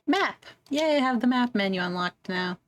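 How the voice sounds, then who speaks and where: A woman's voice: on the high side, lively intonation, normal speed, dry recording. A woman streamer chatting casually and giggling as she plays a game, reading its text aloud. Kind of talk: casual gameplay commentary.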